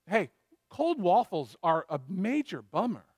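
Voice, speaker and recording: A man's voice: sits high, big pitch swings, measured pace, darkish tone, dry recording. A man preaching a sermon as a pastor, earnestly asking the congregation pointed questions.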